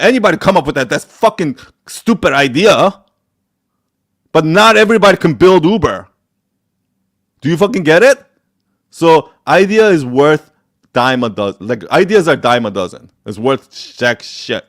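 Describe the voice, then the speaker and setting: A man with a somewhat high-pitched voice talks straight to his viewers in a live Q&A. He is blunt and profane, drives each point home by repeating it, and speaks with forceful conviction. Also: animated, normal speed. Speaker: host answering live questions.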